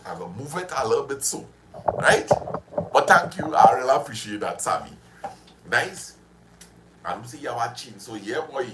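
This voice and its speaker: A man's voice: mid-range voice, fairly bright tone, slight background noise. Chatty man hosting a stream. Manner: chatty and reminiscing, laughs often. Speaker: livestream host. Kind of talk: casual livestream chat with viewers.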